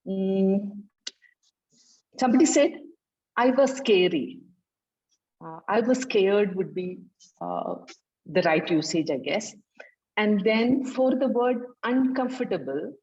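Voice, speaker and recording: A woman reads out a grammarian's report at a club meeting, stopping often to search for words. Her pitch sits in the middle of the usual range. The sound is dull and lo-fi, like an online call. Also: darkish tone. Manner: halting, with frequent fillers.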